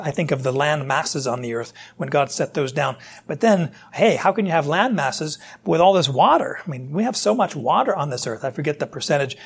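A pastor preaches a verse-by-verse Bible teaching sermon in a conversational, explanatory style, addressing his congregation directly. His voice is fairly high, creaky and slightly rough.

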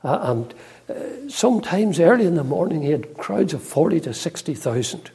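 An older man preaching a sermon in a church, earnest and unhurried, with frequent hesitant pauses. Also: on the high side, big pitch swings, vocal fry, warm tone, slightly rough. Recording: long reverb in a large hall.

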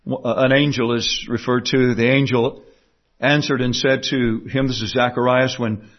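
A man preaching a sermon to his congregation, emphatic, moving from quiet, low passages to raised ones. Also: level tone, a little slow. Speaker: pastor. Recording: dull lo-fi sound.

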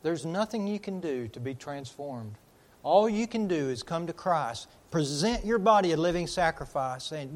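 A man with a notably high speaking voice delivers a sermon. He preaches emphatically, swelling into loud declarations and then sinking almost to a murmur. He slows right down on the words he wants to land. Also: animated.

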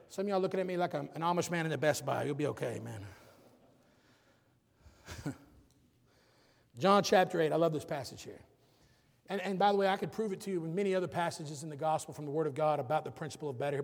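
A man preaching a sermon as pastor, calling out to the congregation and building to shouted points. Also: high-pitched, gravelly. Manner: preachy, rising to shouts, calls for audience response. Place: large church sanctuary. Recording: long hall reverb.

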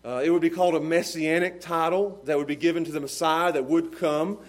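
A man preaching a sermon as pastor, moving between hushed, earnest passages and loud, fervent cries. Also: fairly high pitch, steady tone, fairly quick. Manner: dynamic preaching, swinging from hushed to shouting.

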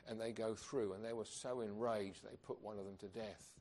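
A man's voice: on the low side, fairly even intonation, normal speed, darkish tone. Earnest male preacher, emphatic. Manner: earnest, emphatic, with rhetorical questions. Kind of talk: sermon.

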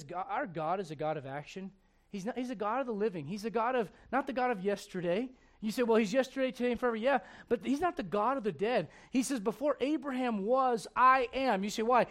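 High-voiced preacher swinging quiet to loud. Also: male voice. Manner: humorous, acts out quoted voices. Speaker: pastor. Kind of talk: sermon.

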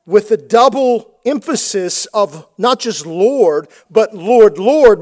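A man preaching a sermon, emphatic and repeating words for stress. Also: sits high. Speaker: pastor.

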